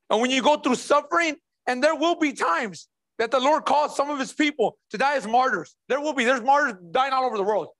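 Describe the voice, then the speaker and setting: High-voiced man preaching with passion. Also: a bit bright. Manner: impassioned preaching, repeats rhetorical questions; casual conversational phrasing. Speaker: pastor. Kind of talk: sermon.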